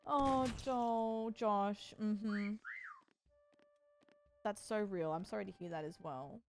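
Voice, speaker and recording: A woman streamer in easy, chatty conversation with her viewers, her voice sitting at a middle pitch. She sounds tired, answers chat as she goes and slips into cooing at her cat, with faint music playing underneath. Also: steady tone, takes it slowly, darkish tone. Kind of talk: casual live-stream chat.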